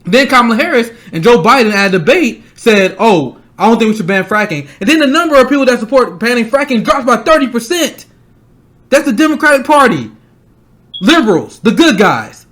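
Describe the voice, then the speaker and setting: A young man hosting a political stream, angry and blunt, ranting fast and swearing often. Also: very high-pitched, big pitch swings, pushed and bright. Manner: fast, repeating himself to stress points. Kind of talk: heated political commentary.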